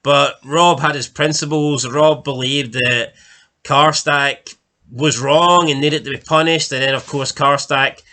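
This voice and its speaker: A man co-hosting a casual talk show, rambling along with fillers and the odd swear. His voice is bright and sits a little high for a man. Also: fairly even intonation, unhurried. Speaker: podcast co-host. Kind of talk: casual chat ranking TV deaths.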